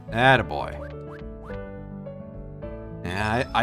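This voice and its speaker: A man with a fairly low voice plays through a role-playing game on stream, murmuring the on-screen text and tossing in jokes and curses. His pitch jumps around expressively. Faint music plays under him. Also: big pitch swings, unhurried, pauses often. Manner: reads game text aloud in a low mutter, jokes and swears. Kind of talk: casual let's-play commentary.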